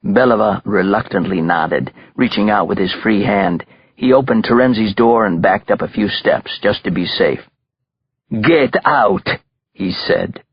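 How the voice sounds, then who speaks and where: A male audiobook narrator with a very low, husky voice reads in measured, even narration. The recording is close and dry, with a dull, slightly muffled top end. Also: dry recording. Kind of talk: scripted narration.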